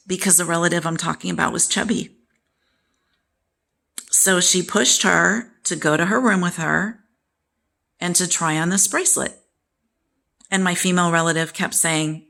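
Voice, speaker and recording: This sixties-aged vlogger has a lowish, creaky voice that sounds pushed and bright, moving at a measured pace with frequent pauses. Talking to camera, she shares candid, emphatic stories about family and self-worth, playing the parts of relatives she quotes.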